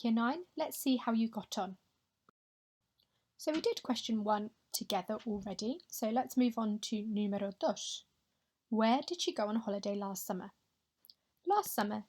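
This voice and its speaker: A young woman teaching a recorded Spanish lesson over slides, speaking clearly and patiently and modelling pronunciation slowly for her pupils to repeat. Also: medium pitch. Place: home or classroom, voice-over on slides.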